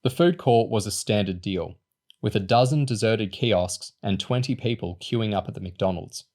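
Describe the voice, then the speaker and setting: Low-voiced man reading a novel aloud. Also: moderate pace, darkish tone. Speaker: audiobook reader. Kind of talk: storybook reading.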